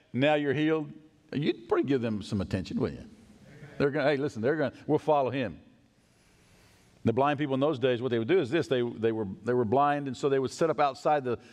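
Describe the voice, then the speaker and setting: A male pastor preaching a sermon in a church, animated and acting out the voices of people in the story. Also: medium pitch. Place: church sanctuary. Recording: long church hall reverb.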